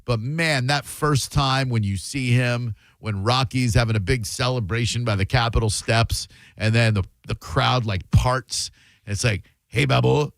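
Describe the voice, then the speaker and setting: A man's voice: medium pitch, a little slow, dry recording. A man hosting a radio show, riffing animatedly in comedic studio banter. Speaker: radio host. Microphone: studio microphone.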